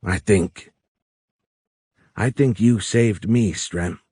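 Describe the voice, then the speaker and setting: A man's voice: fairly low pitch, drawn-out words, dark tone, slightly rough, dry recording, heavily acted. A man playing a grieving Air Force major, earnest and plain-spoken, in an audiobook. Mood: subdued.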